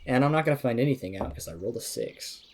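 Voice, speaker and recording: A man's voice: medium pitch, big pitch swings, fast talker, darkish tone, slight background noise. A man playing a tabletop game, dry and formal when in character. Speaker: player.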